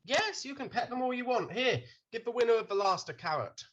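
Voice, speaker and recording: A man voicing a friendly, inquisitive male host who invites travellers to play games, with a husky voice. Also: very high voice, animated, brisk, a bit bright, dull audio, pitched above the performer's own voice, heavily acted.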